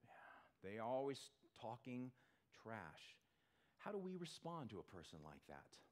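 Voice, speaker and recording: Animated male pastor preaching. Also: mid-range voice. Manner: animated, acts out quick character voices. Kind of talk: conversational sermon. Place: church in front of a congregation.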